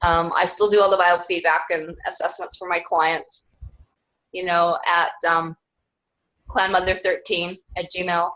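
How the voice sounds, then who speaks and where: A woman's voice: on the low side, flat delivery, unhurried, a bit bright. A woman being interviewed, talking in a rambling, earnest way and laughing often between thoughts. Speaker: interviewee, self-described clan mother. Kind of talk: casual interview talk. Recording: dull lo-fi sound.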